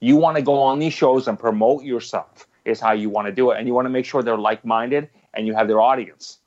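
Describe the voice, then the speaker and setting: A man's voice: mid-range voice, a little fast, a little mellow, muffled recording. A man answering interview questions about his business, emphatic and repetitive, often restarting his sentences. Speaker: guest, business owner.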